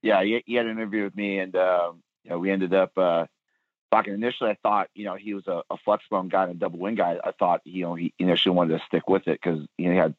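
A man with a very deep voice talks quickly about his coaching work, peppering his speech with fillers. He comes through a thin, dry phone line. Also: fairly even intonation, no echo. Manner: hedging, many fillers like "you know". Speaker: football coach. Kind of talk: casual conversation.

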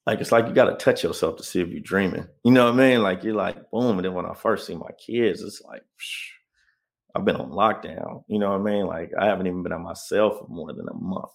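A man's voice: deep voice, brisk, gravelly. A man as an interview guest, telling his personal story in a conversational way and often checking in with the listener. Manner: conversational, often adds "you know what I mean".

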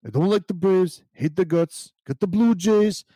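A swaggering wrestler persona with a high, gravelly growl, as a man puts it on. He trash-talks in punchy, boastful bursts. The sound is dark and close, with no room around it. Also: moderate pace, dry recording. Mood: scornful. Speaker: guest. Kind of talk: fan pep talk in wrestling persona.

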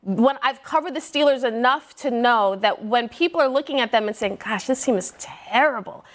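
A woman's voice: on the high side, normal speed. A woman football reporter arguing her point on a sports debate show, playful and confident. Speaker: NFL reporter guest.

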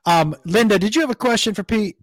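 A male comedian hosting a loose podcast chat, his voice pitched a little high. He stammers and restarts as he works through his thoughts, and the recording is close and dry. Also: fast, no echo. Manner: talks in bursts with restarts and stammers. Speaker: host and comedian.

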